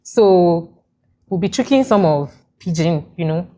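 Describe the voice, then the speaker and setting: A Nigerian woman opens her podcast with a lively, playful build-up, leaning on repeated words for emphasis. Her voice sits a little low for a woman. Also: unhurried. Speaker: podcast host. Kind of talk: hyped podcast introduction.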